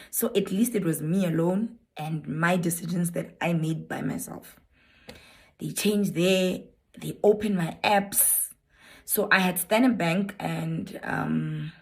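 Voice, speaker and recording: A woman's voice: mid-range voice, a little mellow. A South African woman telling her own story to viewers in a chatty, candid vlog, rambling a little and slipping into Setswana.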